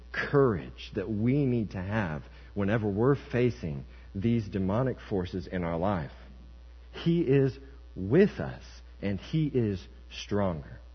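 A man's voice: on the low side, expressive, slow. A young man preaching a sermon, telling a story and acting out the voices in it. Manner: storytelling, acts out quoted voices. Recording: muffled church hall with mains hum.

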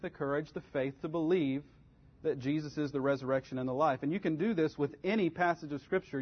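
A man teaching a Bible study class in an earnest, conversational way, giving step-by-step advice. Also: a little high. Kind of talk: practical church class teaching. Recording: dull lo-fi recording.

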